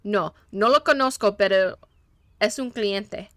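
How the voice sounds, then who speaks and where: A woman's voice: mid-range voice, a bit bright, no room sound, studio quality, close to an everyday voice. Woman doing a jittery mechanic with a mock Spanish accent. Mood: evasive. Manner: broken English, quick denials. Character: nervous male small-town mechanic.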